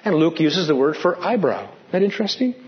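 A man preaching a sermon as pastor, animated and swinging between loud and hushed, sometimes asking the congregation questions. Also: a little high, brisk, muffled recording.

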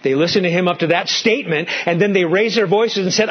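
A man preaching a sermon as pastor, animated and swinging between loud and hushed, sometimes asking the congregation questions. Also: high-pitched, fast, few pauses, lo-fi sound.

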